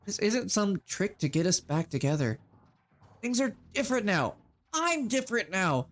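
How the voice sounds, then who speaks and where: A man's voice: high voice, big pitch swings, moderate pace, fairly bright tone, pitched above the performer's own voice. A man voicing an earnest young man who has joined a cult, pleading and preachy. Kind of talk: game text read aloud in character.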